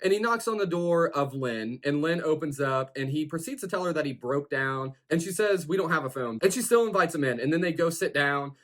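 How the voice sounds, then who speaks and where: A man with a slightly higher-pitched voice talks through a horror film scene by scene. His delivery is casual and loose, and he keeps circling back with "like" and "you know" as he goes. It sounds like an informal review video. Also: lively intonation, brisk, few pauses. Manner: rambling, full of "like" and "you know".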